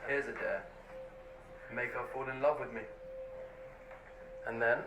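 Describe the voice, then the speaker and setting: A man's voice: medium pitch, steady tone, measured pace, a crowd in the background, natural voice, low-quality recording. An actor as a cocky young man daring friends. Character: young man making a cocky dare at a party.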